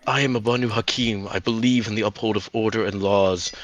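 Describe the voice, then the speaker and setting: A man's voice: on the low side, fairly even intonation, a little fast, a little hiss or hum. A man playing a tabletop game, hesitant at times, pressing and formal in character. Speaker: player. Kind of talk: tabletop role-play, in character.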